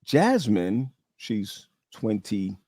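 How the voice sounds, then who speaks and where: Emphatic talk-show host, dry sound. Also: male voice, lowish voice, takes it slowly, no echo. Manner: animated, emphatic, repeats key words. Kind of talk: casual chat.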